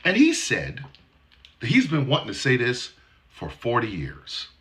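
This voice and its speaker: A man's voice: mid-range voice, huge pitch swings, a little slow, pushed and bright. A Gen X man in his forties or fifties giving a blunt, sarcastic and profane commentary. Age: 40s to 50s. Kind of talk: commentary monologue.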